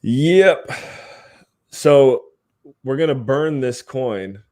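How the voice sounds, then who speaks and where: A man's voice: medium pitch, expressive, drawn-out words, darkish tone. A man hosting a live podcast stream, chatting casually in an upbeat way and laughing often. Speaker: podcast host.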